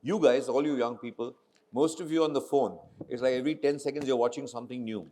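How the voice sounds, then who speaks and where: A middle-aged film director with an Indian English accent tells stories onstage in casual conversation. His medium-pitched voice moves quickly, and he animatedly acts out the quoted dialogue.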